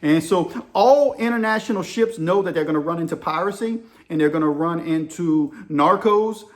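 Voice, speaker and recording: A man giving casual video commentary and telling stories, animated and addressing listeners directly. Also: on the high side, moderate pace. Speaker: commentator on current events.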